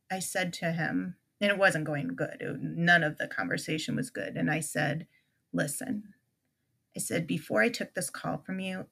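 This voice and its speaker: A woman's voice: lowish voice, gravelly, pushed and bright. A middle-aged woman, a podcast guest, telling an emotional personal story with many restarts and quoted conversations.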